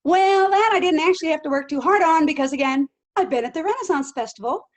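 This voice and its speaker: A middle-aged woman, a living history actress, answering interview questions in an animated way and acting out quotes. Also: sits high, quick pace. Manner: animated, acts out quotes and accents.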